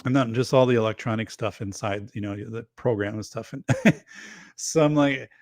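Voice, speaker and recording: A man's voice: medium pitch, moderate pace, a little mellow, no echo, clean studio sound. Rambling, chatty male host. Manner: rambling, chatty, reads chat aloud. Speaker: show host. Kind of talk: casual livestream chat.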